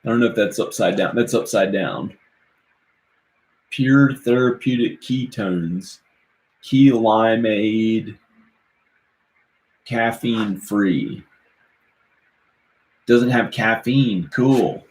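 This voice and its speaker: A man's voice: fairly low pitch, darkish tone. A man vlogging on a live stream, rambling in casual chat and chuckling at his own silly rhymes. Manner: rambling, laughs at own silly rhymes, slow sing-song chanting. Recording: roomy echo, faint background noise.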